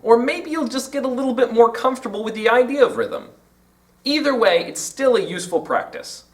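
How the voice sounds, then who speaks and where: Lively man teaching, heard from a distance. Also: high-pitched. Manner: animated, taps out rhythms aloud. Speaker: teacher and channel host. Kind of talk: explaining a literature lesson to camera.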